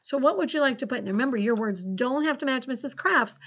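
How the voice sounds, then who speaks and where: A woman teaching a recorded phonics lesson to second graders, encouraging and slowly dictating sentences with big swings in her voice. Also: sits high, animated, fairly bright tone, highs cut off.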